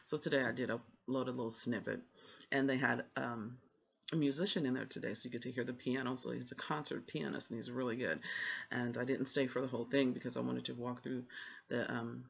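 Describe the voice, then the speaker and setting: A husky, gravelly voice tells a rambling, chatty story on a book vlog, slipping into the voices of the people involved. The recording sounds dull and lo-fi, like home video audio. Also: medium pitch, steady tone, a little fast. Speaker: book vlogger. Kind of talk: casual book vlog chat.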